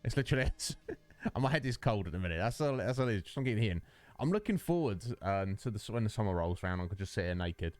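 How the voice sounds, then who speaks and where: A lowish, darkish voice moves at a quick, animated pace as a UK streamer jokes and rambles with his chat, naming viewers as he answers them. Recorded at home on a studio dynamic microphone, it has no room sound and faint music behind.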